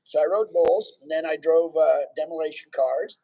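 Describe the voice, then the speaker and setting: An older man from Nebraska, a retired Navy veteran, telling about his life in a plainspoken, halting way. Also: on the high side, dark tone, highs cut off. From Nebraska, USA. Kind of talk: casual chat. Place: outdoors by a fire.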